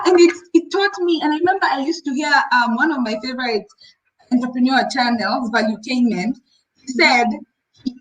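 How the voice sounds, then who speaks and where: A woman's voice: on the high side, poor audio. A woman, co-hosting a casual business chat and acting out stories. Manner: animated storyteller, acts out callers. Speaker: co-host, rabbit seller.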